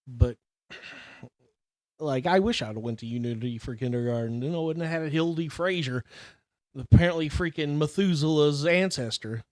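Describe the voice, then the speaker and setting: A middle-aged man telling childhood stories in casual chat, animated, exaggerating for laughs and swearing freely. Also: fairly high pitch, normal speed, no echo, clean studio sound. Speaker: podcast co-host.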